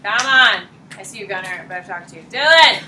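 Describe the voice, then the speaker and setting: A woman teaching a high school history class, quizzing students by name in a blunt, casual way. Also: expressive, fairly quick, sharp tone. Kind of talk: classroom lecture and questioning. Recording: echoey classroom, distant mic, light noise.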